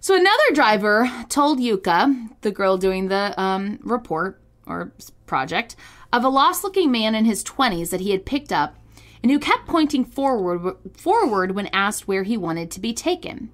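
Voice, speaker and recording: A woman co-hosting a podcast, telling a story in casual chat, giggly and animated with lots of fillers. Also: mid-range voice, normal speed. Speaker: podcast co-host.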